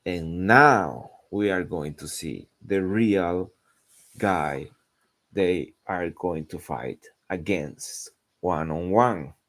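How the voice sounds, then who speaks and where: A man's voice: low-pitched, drawn-out words, a bit bright. A man chatting casually while drawing, rambling and searching for words. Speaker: artist narrating his drawing.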